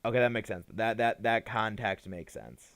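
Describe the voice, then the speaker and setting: A man's voice: fairly low pitch, expressive, moderate pace, gravelly, a bit bright. Tired, rambling young man streaming. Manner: rambling, hesitant, restarts often. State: tired, yawning. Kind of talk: casual live-stream chat.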